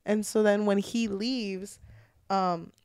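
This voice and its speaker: A woman's voice: medium pitch, slow pace, clear, resonant tone, dry recording. Woman on a book podcast, gushing and swearing, dead dry mic, mid voice. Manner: animated retelling with frequent swearing. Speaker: podcast co-host. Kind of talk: casual book chat.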